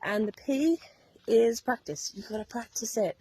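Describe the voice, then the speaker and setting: A woman's voice: a little high, normal speed, mellow, husky, low-quality recording. A woman giving a chatty, earnest wellness talk to her viewers, laughing now and then. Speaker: wellness coach. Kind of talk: casual talk to camera.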